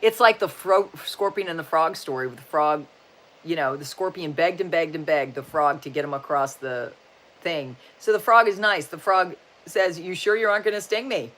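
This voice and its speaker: The host of this casual livestream is a woman in her sixties with a low, slightly bright voice and a moderate pace. She's chatty and folksy, upbeat as she tells corny jokes, and "just saying" comes up often.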